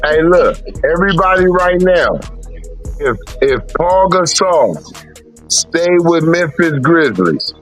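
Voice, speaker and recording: A man co-hosting a podcast in casual sports chat, loud and animated, telling stories with shouted impressions and profanity. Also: fairly high pitch, takes it slowly, faint music behind. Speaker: podcast co-host.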